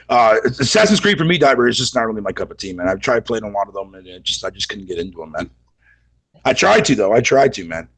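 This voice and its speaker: A man's voice: fairly low pitch, very animated, a little fast, a bit bright, slight background noise, poor audio. A man co-hosting a gaming podcast, laid-back, ending lines with "man". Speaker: podcast co-host. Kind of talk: casual gaming chat.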